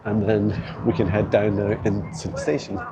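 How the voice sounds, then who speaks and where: Against the sound of a crowd, this vlog host walks city streets with a handheld phone, chatting and laughing a lot on a walking tour. His voice sits fairly low, his delivery is flat, and he moves at a moderate pace.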